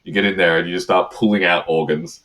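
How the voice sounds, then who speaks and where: A man's voice: deep voice, fairly even intonation, quick pace, a bit bright. A man narrating as game master of a tabletop game, rambling with many fillers.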